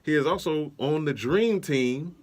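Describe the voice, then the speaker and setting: A man's voice: fairly high pitch, expressive, measured pace, a crowd in the background. A young man co-hosting a podcast in casual chat, laid-back with many fillers and restarts. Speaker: podcast co-host.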